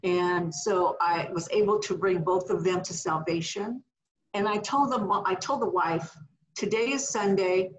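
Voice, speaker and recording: A middle-aged woman minister, a podcast guest, telling a healing testimony in an animated way and acting out the voices she quotes. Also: lowish voice, a little slow, low-quality recording. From California.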